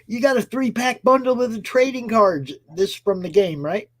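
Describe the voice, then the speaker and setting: A man hosting a live stream in a breezy, slangy way, with a gravelly, husky voice. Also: extremely high pitch, animated, moderate pace. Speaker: host.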